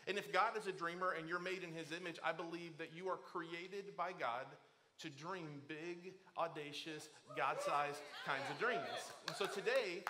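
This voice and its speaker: A man's voice: on the high side, normal speed, a loud crowd. A middle-aged man preaching a sermon to a church, telling family stories and acting out the voices of the people in them. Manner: storytelling, animated, acts out quoted voices. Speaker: pastor. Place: church auditorium.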